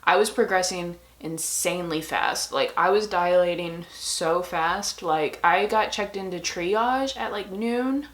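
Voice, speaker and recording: A woman's voice: on the low side, a little slow, hardly any pauses. A young woman vlogger telling a personal story in a casual, chatty way, with lots of "like" and "um".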